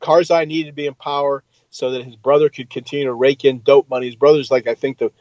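A man's voice: mid-range voice, level tone, quick pace, darkish tone, dry recording. Blunt man on a dull recording. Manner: blunt, emphatic, swears. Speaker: podcast co-host, military veteran. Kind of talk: casual chat.

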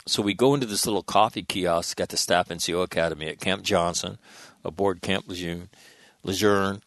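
A man's voice: low-pitched, brisk, a bit bright, no echo, clean studio sound. A middle-aged man, a Marine veteran guest, telling stories in an emphatic, blunt and profane way. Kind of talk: candid storytelling interview.

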